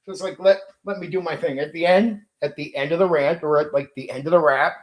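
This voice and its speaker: A man's voice: on the high side, steady tone, fast talker. A man with a somewhat raised voice rants on his livestream, blunt and full of swearing. He sounds confrontational and talks straight at his chat. The room around him is echoey. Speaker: streamer hosting a tabletop RPG channel. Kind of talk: livestream rant.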